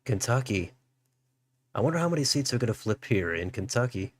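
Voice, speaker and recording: A man's voice: mid-range voice, sing-song, a little fast, no room sound. A man hosting a political livestream, musing aloud as he reads out election results. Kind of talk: live election results commentary.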